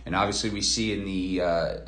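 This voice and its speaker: A man's voice: sits low, fairly even intonation, fairly quick, a bit bright, roomy sound. A man giving sarcastic, rambling critical commentary on a sermon. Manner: mocking, sarcastic, rambling with fillers. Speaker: video commentator.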